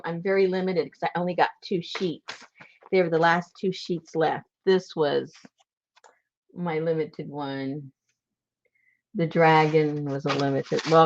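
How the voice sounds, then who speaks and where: A woman's voice: low voice, lo-fi sound, a little hiss or hum. A woman hosting a casual live craft sale, chatty, thinking aloud and laughing easily. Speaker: online shop host. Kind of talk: casual live-stream selling.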